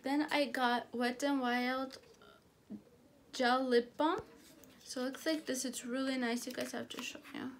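High-voiced woman gushing over a haul. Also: fairly even intonation, a little hiss or hum. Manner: chatty, gushing, halting with restarts. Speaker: beauty haul vlogger. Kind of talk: casual product haul chat.

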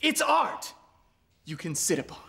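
An actor playing a young, goofy, careless big brother with a loud, excitable way of talking. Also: male voice, sits high, a little slow, gravelly, breathy edge, full character voice. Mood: proud. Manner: loud, excitable, often shouting. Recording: noisy sitcom audio with studio audience laughter.

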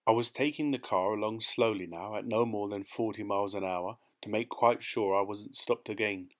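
Man narrating a story, measured. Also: on the low side. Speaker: audiobook narrator. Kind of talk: scripted narration.

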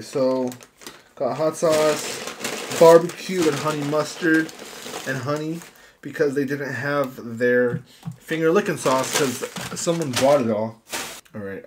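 A young man talks casually to his viewers as he works through a big meal for a mukbang vlog, chatting between bites. His voice sits at an ordinary middle pitch, recorded close at a table with a faint hiss in the background. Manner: quiet murmured prayer. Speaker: mukbang vlogger. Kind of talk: casual eating vlog chat.

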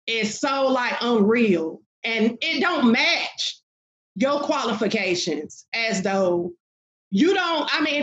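A woman's voice: fairly high pitch, lo-fi sound. A woman minister speaking as a podcast guest, fervent and emphatic, with many fillers. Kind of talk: preaching-style interview talk.

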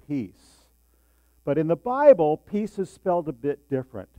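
A man's voice: fairly high pitch, big pitch swings, moderate pace, no room sound. A man in his sixties preaching a sermon, talking conversationally and putting questions to the congregation. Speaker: pastor. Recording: dull lo-fi sound with mains hum.

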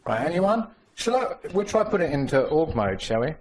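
A man giving a live conference tech talk with a demo, animated and joking, talking to the audience. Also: fairly high pitch, normal speed. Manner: animated, jokey, mimics others in voices. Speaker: conference speaker. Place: conference room.

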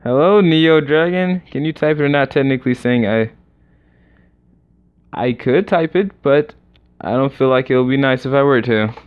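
A young man casually commenting on a game during a livestream, excitable and rambling as he reacts aloud. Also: medium pitch, normal speed, pauses often, smooth. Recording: slightly dull lo-fi recording.

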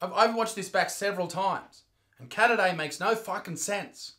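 A man's voice: high-pitched, normal speed, bright, forceful tone. An Australian man doing a crude, mock-outraged comedy rant, reacting to clips.

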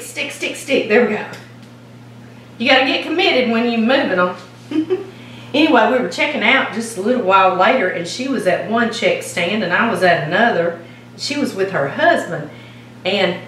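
A woman's voice: mid-range voice, a bit bright, a little hiss or hum. Louisiana lady chatting while she cooks, kinda far from the mic, big echoey kitchen. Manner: folksy, storytelling while icing a cake. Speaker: home cooking show host. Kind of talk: casual chatty cooking demo. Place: home kitchen.

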